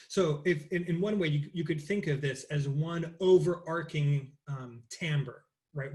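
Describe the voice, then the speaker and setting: A man leading an interactive voice lecture, explaining vocal acoustics casually with many fillers and restarts, and singing cooing warm-up patterns. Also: fairly high pitch. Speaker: voice teacher.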